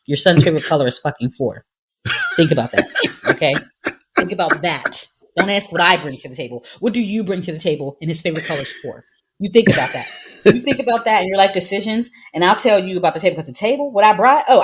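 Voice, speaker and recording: A woman's voice: on the low side, lively intonation, quick pace, husky. A woman in her thirties co-hosting a podcast, telling a story in a sassy, emphatic way and laughing often. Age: 30s. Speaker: podcast co-host. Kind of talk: casual chat.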